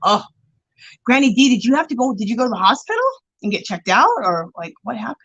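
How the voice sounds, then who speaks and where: A woman's voice: fairly high pitch, fairly quick, breathy edge, low-quality recording. Chatty woman greeting her livestream viewers. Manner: reads viewer comments aloud and greets them warmly by name; chatty, animated, with gushing exclamations. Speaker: livestream host. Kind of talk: casual livestream chat.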